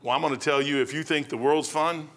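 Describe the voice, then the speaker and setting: An older pastor preaching in a plain, folksy way, his voice bright and forceful. He sits a little high for a man and climbs higher when he gets fired up. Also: fairly even intonation, fairly quick. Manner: plain-spoken, folksy preaching with rising outbursts. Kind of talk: sermon.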